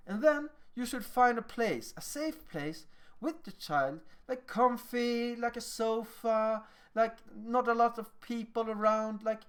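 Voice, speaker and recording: A man with a Swedish accent giving a lecture on teaching, animated and acting out little dialogues with children. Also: high-pitched, unhurried.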